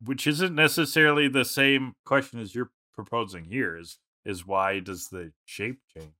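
A man co-hosting a podcast in casual, chatty banter, quick to laugh along. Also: medium pitch, bright, forceful tone, no room sound, studio quality. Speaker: podcast co-host.

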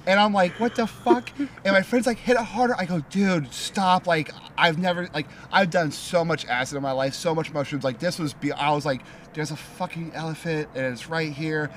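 A man's voice: fairly high pitch, fairly quick, a bit bright, a little hiss or hum. Rambling man telling a wild story. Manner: rambling, swearing, many likes. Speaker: podcast guest. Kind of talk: casual storytelling.

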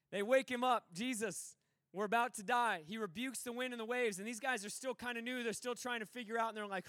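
A man preaching a sermon, retelling a scripture story with energetic storytelling and comic asides. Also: very high voice, no echo, studio quality. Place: large venue.

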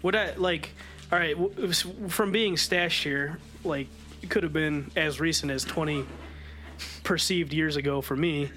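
A man's voice: fairly high pitch, measured pace, sharp tone, faint music behind. A man playing a tabletop game, talking in a rambling, joking way with many fillers. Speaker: player. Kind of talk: casual tabletop game play.

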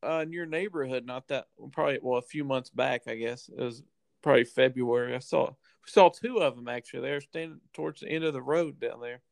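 A man's voice: medium pitch, fairly quick, gravelly, dry recording. A man co-hosting a podcast in casual chat, laid-back and full of fillers and restarts. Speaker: podcast co-host.

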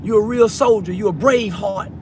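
Sitting in a car, a man with a high voice speaks at normal speed through tears, choked up as he delivers a repetitive, preachy plea to someone he saw in a viral video. Traffic and street noise are audible behind him.

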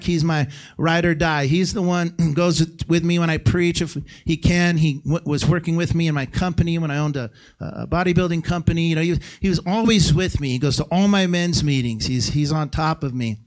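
A middle-aged man preaching a sermon as guest pastor in a church, talking in a conversational way that jumps to shouted peaks and drops to hushed lines. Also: on the high side, brisk, few pauses. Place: church sanctuary.

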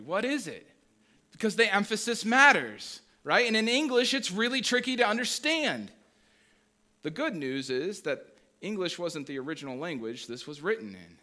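A man's voice: high-pitched, sing-song, pushed and bright. A man, a pastor, preaching a conversational sermon, reading scripture aloud and asking the congregation questions. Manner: reads scripture aloud slowly.

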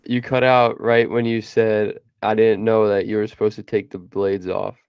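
A man hosting a podcast in a brisk, casual way, keeping the segments moving. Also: lowish voice, flat delivery, clear, resonant tone, dry recording, muffled recording. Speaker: podcast host. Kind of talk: casual chat.

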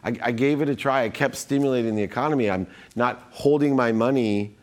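A man talking as a guest in casual conversation, telling stories with animated quoted exchanges. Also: mid-range voice, fairly quick. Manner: animated, acts out quotes, frequent restarts.

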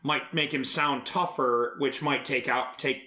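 Guy with a sharp bright voice, stops and restarts a lot, echoey room. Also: mid-range voice, fairly even intonation, a little slow. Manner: hesitant, restarts sentences, explains carefully. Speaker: podcast co-host. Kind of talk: casual chat.

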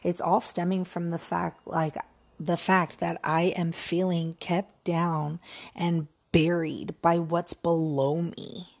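A woman hosting a casual solo podcast, talking in an animated, emphatic way and repeating phrases for effect. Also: lowish voice, slow pace, gravelly. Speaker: podcast host.

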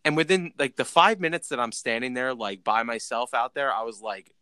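Bright-voiced young man telling a rambling story. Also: mid-range voice, fairly quick, clean tone, no room sound. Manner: rambling, lots of "like" and restarts. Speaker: podcast co-host. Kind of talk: casual storytelling.

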